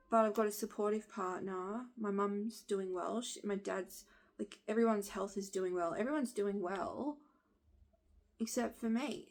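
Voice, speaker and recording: Frustrated woman in her thirties who vents bluntly, with a husky, gravelly rasp. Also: mid-range voice. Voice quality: husky smoker-like voice. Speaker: vlogger. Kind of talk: venting to camera.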